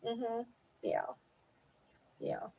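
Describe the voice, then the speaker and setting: On her vlog, a middle-aged host talks to viewers casually but rants at them, indignant, sarcastic and challenging. Her tone is dark and her delivery very slow.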